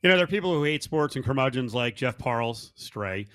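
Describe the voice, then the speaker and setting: A man's voice: mid-range voice, animated, a bit bright, no room sound. A man hosting a sports radio show, joking with his guest and moving segments along. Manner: jokey, wraps segments quickly. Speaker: radio host.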